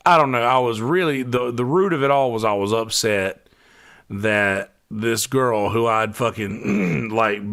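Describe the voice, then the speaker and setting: A podcast host tells a personal story in a casual monologue. His voice sits a little low, and his telling is loose and profane, with frequent false starts and repeated words. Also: pushed and bright. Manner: profane, rambling, with many restarts and fillers.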